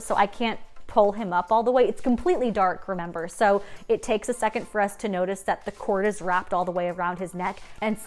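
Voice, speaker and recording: A young woman, telling her own story to camera in a chatty, animated way and acting out the quoted lines. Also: medium pitch.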